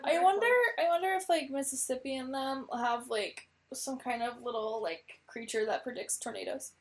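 A woman's voice: high-pitched, moderate pace, slightly rough. A woman co-hosting a casual podcast, chiming in with curious asides. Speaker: podcast co-host. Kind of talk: casual chat.

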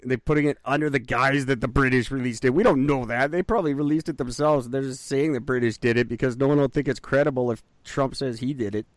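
A man's voice: medium pitch, fairly even intonation, fast, hardly any pauses, dry recording. Joking man chatting on a podcast. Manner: joking, rambling, self-mocking. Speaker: podcast co-host. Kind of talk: casual chat.

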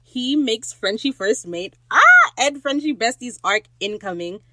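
Excitable podcast host gushing, dry close sound. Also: no echo. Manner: excitable, gushing, swears freely, quick shifts between loud squeals and low asides. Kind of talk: solo episode recap, casual rant.

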